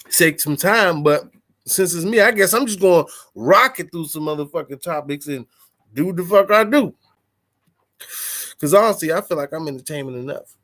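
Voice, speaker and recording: Podcast host, man from DC, fairly high voice, loose and profane, hyped delivery. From Washington DC area. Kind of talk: casual chat.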